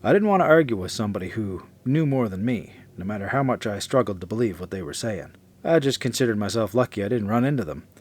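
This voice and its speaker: A man narrating a first-person horror story in a measured, confessional way. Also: lowish voice, lively intonation, darkish tone, husky.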